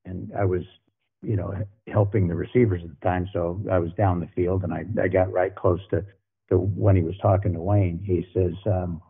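Deep husky older man, phone-quality sound. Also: steady tone, moderate pace. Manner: folksy, repeats words while telling anecdotes. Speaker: former football coach. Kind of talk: storytelling guest on a podcast.

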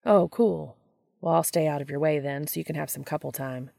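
An easygoing young man, friendly and a little flustered, as a woman reads him aloud. His voice comes across low, with a strong gravelly edge. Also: brisk, warm tone, no echo, studio quality. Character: easygoing young adult man, good-natured brother.

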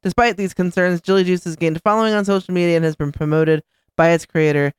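A woman's voice: lowish voice, steady tone, fast, clean tone, dry recording. A woman podcast guest in casual chat, reading chatbot answers aloud and laughing often.

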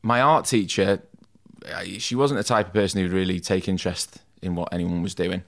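A man with a low voice, talking easily and at length about his past. He fills his stories with "like" and "mate" and pokes fun at himself. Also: fairly even intonation, fairly quick, fairly bright tone. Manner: chatty, self-deprecating, says "mate" and "like" a lot. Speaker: podcast guest, tattoo artist. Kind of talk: casual storytelling in an interview.

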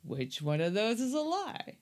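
Woman, podcast co-host, casual chat, playful, chatty, self-mocking, mid-pitched. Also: very animated, unhurried, a little mellow.

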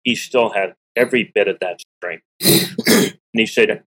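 A middle-aged man speaks in a somewhat low voice, telling a personal story to an interviewer. He sounds earnest and frank and often stops and restarts his sentences. He clears his throat again and again as he talks. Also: a little slow, long pauses, fairly bright tone, poor audio. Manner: earnest, candid, with restarts and repeats. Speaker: interview guest, author.

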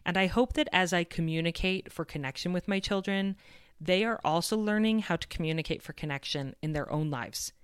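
A woman's voice: lowish voice, fairly quick, clean tone, no room sound, studio quality. A woman in her thirties hosting a parenting podcast, telling a personal story in an earnest, confessional way. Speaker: podcast host. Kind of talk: scripted podcast monologue.

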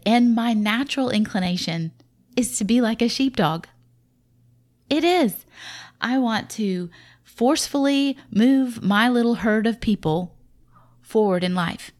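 A woman with a Southern drawl speaks in a slightly low voice, chatting folksily about faith and parenting as if to friends. Her delivery is conversational and reflective, a relaxed devotional talk rather than a polished sermon. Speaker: Christian mother sharing parenting devotional.

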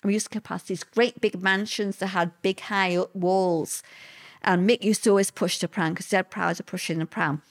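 A woman speaks in an interview, recounting past events in a plain-spoken, vivid way. Her voice sits at an ordinary middle pitch for a woman. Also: fairly even intonation, normal speed. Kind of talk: personal recollection in an interview.

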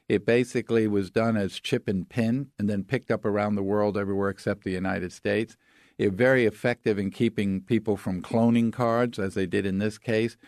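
A man's voice: lowish voice, a little mellow, no echo, studio quality. A man speaking as an expert guest, explaining things with step-by-step examples in an authoritative way. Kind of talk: explanatory interview talk.

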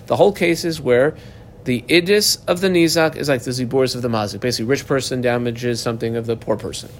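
A man's voice: medium pitch, slight background noise. A man teaching a Talmud class, reading Aramaic lines aloud and then explaining them in plain English.

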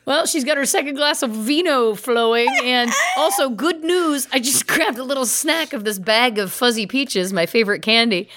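A woman's voice: fairly high pitch, normal speed, few pauses, a bit bright. A woman co-hosting a casual podcast, giggly and playful, chatting and joking. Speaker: podcast co-host. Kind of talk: casual chat.

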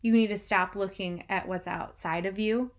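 A woman's voice: medium pitch, steady tone, moderate pace. A young woman vlogging an enthusiastic, emotional recap that she speaks straight to her viewers. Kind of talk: casual vlog recap.

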